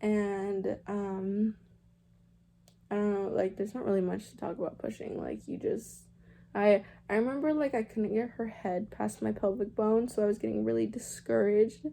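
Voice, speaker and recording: Gravelly-voiced young woman, chatty storytime. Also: mid-range voice, normal speed, dark tone, slight background noise. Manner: chatty, heavy "like" and "um", swears casually. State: holding a fussing baby. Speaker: vlogger. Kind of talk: casual storytelling to camera.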